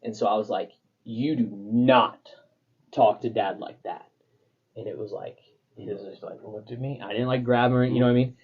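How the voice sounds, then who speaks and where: A young man with a husky voice, chatting as a podcast co-host. He tells stories in a loose, rambling way, full of fillers. The recording sounds a little dull and lo-fi. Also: mid-range voice, fairly even intonation, normal speed. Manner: rambling, filler-heavy storytelling. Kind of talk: casual chat.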